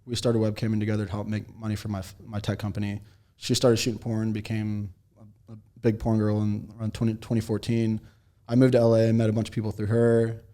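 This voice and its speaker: A young man chatting casually as a podcast guest, telling long stories in a relaxed way and laughing often. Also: fairly low pitch, quick pace. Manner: laid-back storytelling with frequent laughs. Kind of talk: casual chat.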